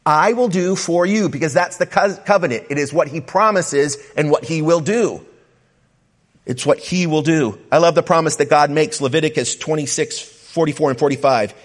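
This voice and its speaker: A man's voice: a little high, normal speed. A man preaching a sermon as a pastor, reading scripture passages aloud and then restating them with emphasis. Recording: reverberant hall.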